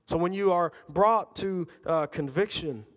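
A man's voice: high voice, measured pace. Preaching man in a reverberant hall. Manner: conversational preaching with personal stories. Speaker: pastor. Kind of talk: sermon.

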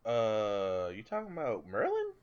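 A man's voice: lowish voice, wildly swooping pitch, measured pace, dull audio. A man co-hosting a podcast in loose, casual chat, swearing and correcting himself as he goes. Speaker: podcast co-host.

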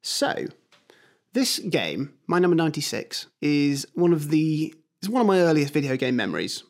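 A man's voice: fairly high pitch, very animated, normal speed. A man co-hosting a podcast, telling stories with animation and acting out quoted voices. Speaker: podcast co-host. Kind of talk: casual chat. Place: at a table with his co-host.

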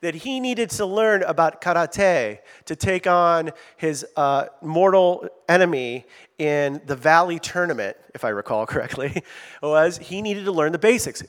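A middle-aged man preaching a sermon in a lively, conversational way, with asides to his congregation. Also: a little high. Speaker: pastor.

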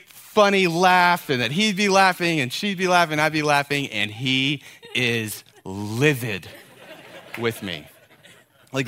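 A man in his thirties preaching a sermon, telling a family story with lively acted-out dialogue. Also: a little high, no echo. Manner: animated storyteller, acts out quoted dialogue. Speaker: pastor.

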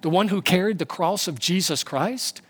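Casting: male preacher with a high voice, emphatic and repetitive sermon delivery. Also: lively intonation, normal speed, breathy edge.

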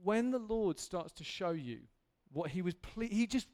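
A man's voice: high-pitched, lively intonation, measured pace, a little mellow. A man preaching an earnest, candid sermon in a church hall, building to emphatic intensity.

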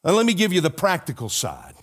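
A man's voice: high voice, huge pitch swings, a little fast, a bit bright, slightly rough. Older man preaching with earnest repetition. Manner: earnest, repetitive preaching cadence with folksy asides. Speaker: pastor. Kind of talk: sermon.

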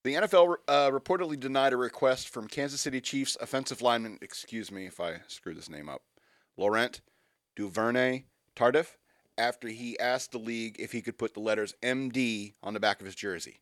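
A man's voice: mid-range voice, brisk, dry recording, clean studio sound. A man hosting a radio show, reading news items aloud and adding wry, joking asides in casual banter.

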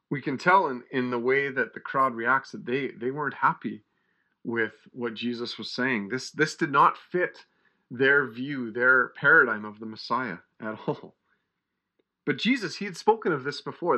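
Male pastor, emphatic sermon delivery, bright tense tone, muffled lo-fi recording. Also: medium pitch. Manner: earnest, emphatic, with frequent restarts.

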